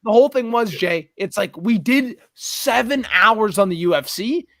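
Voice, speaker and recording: A drunk man hosting a rowdy casual chat, swearing a lot and telling stories with excitement. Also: high-pitched, normal speed. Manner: excited, swearing, retells stories with put-on shouts. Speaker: podcast host.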